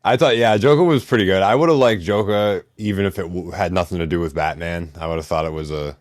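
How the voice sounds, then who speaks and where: A man's voice: deep voice, a little fast, dry recording. A man with a Boston accent, co-hosting a casual podcast with laid-back dry humor. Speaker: podcast co-host. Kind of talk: casual chat.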